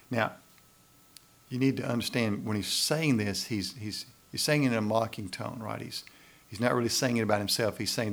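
A man's voice: fairly low pitch, normal speed, gravelly, fairly bright tone. A man preaching a sermon, building emphasis and tossing in frequent questions to the congregation. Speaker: pastor.

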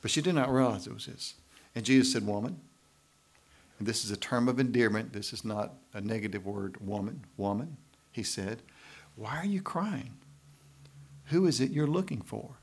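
This pastor's sermon comes in a fairly low voice at a fairly quick clip. Energetic and forceful, he keeps asking "right?" and drives toward loud, emphatic moments.

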